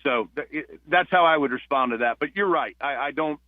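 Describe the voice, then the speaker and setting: A man from New Jersey, a retired police officer, telling stories as a guest on a phone-in radio interview, with halting restarts. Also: a little high, dry recording. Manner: warm storyteller, halting restarts. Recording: tinny phone line.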